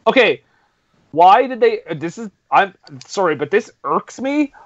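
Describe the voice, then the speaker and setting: A man hosting a casual podcast chat, excitable and laughing often. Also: sits high, unhurried, no room sound, muffled recording. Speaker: podcast host.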